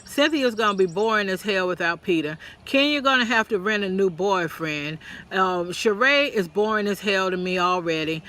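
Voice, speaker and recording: A man giving a sassy, animated opinion commentary on a reality show, acting out quotes in a mocking voice. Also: high voice, normal speed. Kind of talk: casual opinion vlog.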